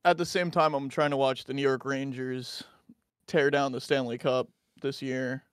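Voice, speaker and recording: A man's voice: medium pitch, little pitch movement, normal speed, clean tone, no echo, clean studio sound. An American man guesting on a stream, chatting in an easygoing, apologetic way and laughing easily. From United States. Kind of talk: casual chat.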